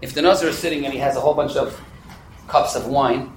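A man teaching a Talmud class, animated and quick, fielding questions and dropping in Hebrew and Yiddish terms. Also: medium pitch, echoey room, a little hiss or hum, poor audio. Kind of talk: interactive class lecture.

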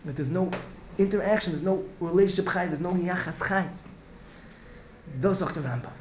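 A man with a voice that sits high speaks at a moderate pace, giving a heartfelt Torah lecture as a rabbi. He repeats himself, restarts phrases, and weaves in Hebrew and Yiddish. The room is echoey, with faint ambience and a little hiss or hum.

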